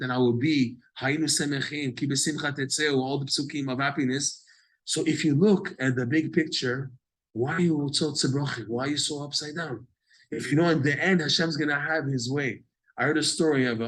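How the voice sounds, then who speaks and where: A man teaching a Torah class, animated, acting out quoted voices with sudden jumps in pitch. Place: class room.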